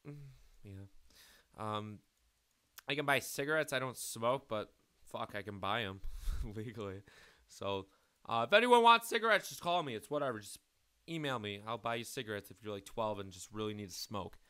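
A man's voice: fairly low pitch, lively intonation, moderate pace, pushed and bright, smooth, dry recording. An eighteen-year-old man rambling crudely and mockingly at himself while giving casual gameplay commentary. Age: late teens. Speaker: gaming YouTuber.

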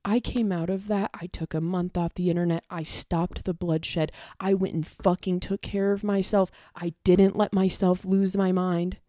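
Angry swearing woman, low dry voice. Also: flat delivery, normal speed, hardly any pauses, warm tone, dry recording. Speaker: content creator. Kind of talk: ranting monologue to camera.

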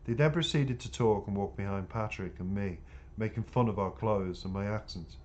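A man narrating an audiobook in the first person, earnest and plain. His voice sits low, and the recording is muffled and lo-fi. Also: normal speed, a little mellow.

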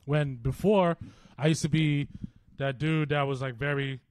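A young man co-hosting a casual podcast, rambling in loose slang full of fillers. His voice is a little higher than most men's. It sounds close and dry. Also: fairly even intonation, a little slow, a little mellow, dry recording.

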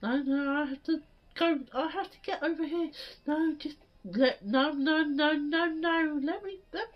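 A woman giving frantic let's play commentary, yelling and pleading at the game. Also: high voice, unhurried, highs cut off. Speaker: gaming streamer.

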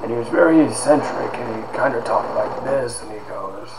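A man, a university instructor, telling stories from his life to his class, lively and sometimes dropping into hushed asides. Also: medium pitch, moderate pace, few pauses, roomy sound, background noise. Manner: animated storyteller, drops to hushed asides. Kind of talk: storytelling lecture to a class.

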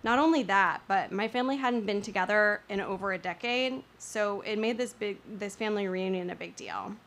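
A woman's voice: mid-range voice, normal speed, fairly bright tone. A young woman telling a personal story on stage, with wry, self-mocking humor.

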